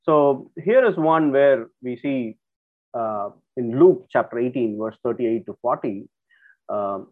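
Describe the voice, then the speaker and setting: A man in a middle register leads a casual Bible teaching, retelling each story in a loose, conversational way with plenty of fillers. The sound is narrow and tinny, like a voice coming through a phone. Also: mid-range voice. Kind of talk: informal Bible teaching talk.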